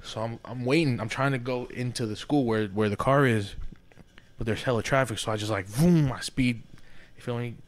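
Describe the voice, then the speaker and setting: A man co-hosting a podcast, telling a long story in a casual, animated and profane way, often asking "you feel me". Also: medium pitch, normal speed. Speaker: podcast co-host. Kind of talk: casual storytelling among friends.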